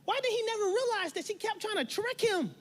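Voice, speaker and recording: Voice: extremely high pitch, expressive, a little fast, fairly bright tone. A pastor giving a sermon in a church, emphatic and playful, with a lot of repetition.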